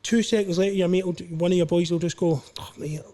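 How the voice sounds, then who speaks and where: A male podcast host speaks quickly and earnestly in a mellow voice pitched a little above the usual. He sounds encouraging and keen to drive his message home. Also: fairly even intonation. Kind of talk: casual conversational interview.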